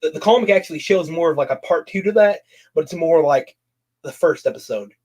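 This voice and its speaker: Husky-voiced guy gushing about horror. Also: fairly high pitch, lively intonation, a little fast, a little mellow. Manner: enthusiastic fan, swears, trailing fillers. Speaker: guest. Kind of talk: casual horror chat.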